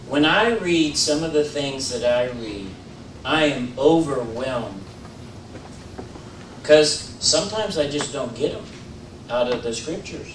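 A man giving an informal sermon in a church, talking in a conversational way with many fillers and restarts, rising into animated emphasis. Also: a little high, background noise. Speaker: preacher. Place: church sanctuary. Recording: roomy church audio, mic at a distance.

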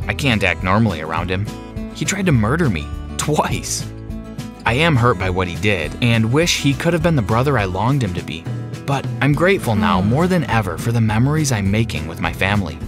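A man telling a first-person story as narrator, dramatic and slowing down for the tense moments. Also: on the low side. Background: background music.

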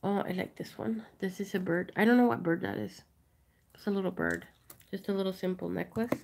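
Woman hosting a casual jewelry sale stream, chatty, mid-pitched with some vocal fry. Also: fairly quick, noisy background. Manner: chatty, rambling, showing items up close. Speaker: online jewelry seller. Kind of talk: casual live-sale chat.

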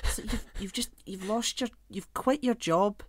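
A man's voice: high voice, moderate pace, dry recording, clean studio sound. A young man co-hosting a podcast in casual chat, rambling, laughing often and swearing offhandedly. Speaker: podcast co-host.

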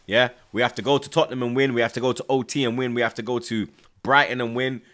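A young man hosting a live football watchalong, excitable and repetitive, taunting rival fans. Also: mid-range voice, fast. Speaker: host of a football watchalong stream. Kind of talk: live fan reaction stream.

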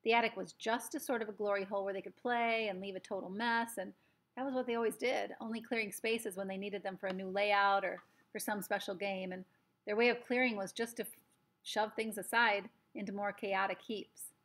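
Gravelly woman reading a children's book. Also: medium pitch, steady tone, a little fast, a bit bright. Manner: chatty asides to young listeners. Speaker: storyteller. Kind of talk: reading a children's novel aloud.

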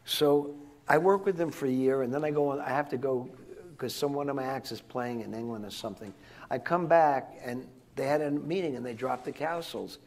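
This older guest speaker chats his way through wandering stories for students gathered live, breaking off to restart and laughing softly along the way. A rough, gravelly edge colors his otherwise mellow, mid-pitched male voice, and he talks a little quickly.

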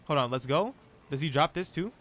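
A young man streaming live gameplay, chatting in an excitable, slangy, self-mocking way. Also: fairly high pitch, fairly quick.

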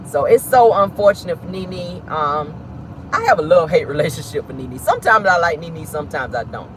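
Sassy male host, high voice, dishing gossip from inside a car with steady road noise behind him. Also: brisk, poor audio. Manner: sassy and dramatic, calls listeners honey and baby. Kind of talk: casual celebrity gossip commentary.

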